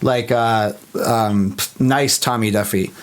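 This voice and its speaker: A man's voice: fairly low pitch, steady tone, takes it slowly. A man hosting a casual podcast, talking loosely with lots of "dude" and "um". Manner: loose and laid-back, says "dude" a lot, uses fillers. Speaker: podcast host. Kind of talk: casual chat.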